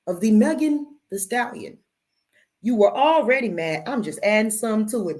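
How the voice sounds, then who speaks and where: A woman's voice: a little high, lively intonation, normal speed, darkish tone. A middle-aged woman who reads tarot, chatting on a live stream in a sassy, blunt way, swearing freely and calling listeners baby. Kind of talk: casual live-stream talk.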